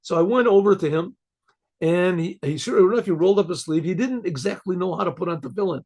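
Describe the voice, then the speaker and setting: An older man with a rough, gravelly voice and a husky edge tells a story to his class. He sits a little high for a man, and he rambles, circles back on his words and keeps clearing his throat. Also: quick pace, darkish tone. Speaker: rabbi.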